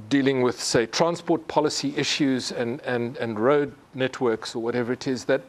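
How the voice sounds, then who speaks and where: Middle-aged man presenting to a class, thoughtful and halting, many restarts. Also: mid-range voice. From South Africa. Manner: halting, frequent restarts and repeated words. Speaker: university presenter. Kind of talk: conversational lecture.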